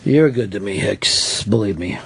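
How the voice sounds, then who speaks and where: A man's voice: on the low side, expressive, measured pace, creaky, husky. A middle-aged man hosting a radio show, ranting angrily and swearing at a caller. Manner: profane, heated, scolding. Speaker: radio host. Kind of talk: angry on-air rant. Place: radio studio. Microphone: studio microphone.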